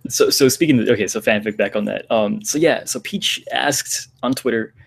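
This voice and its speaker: A man's voice: mid-range voice, normal speed, creaky, slightly rough. An American man in his twenties, a guest on a livestream call, talking in a hesitant, self-deprecating way with many ums and restarts. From United States. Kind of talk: casual livestream chat.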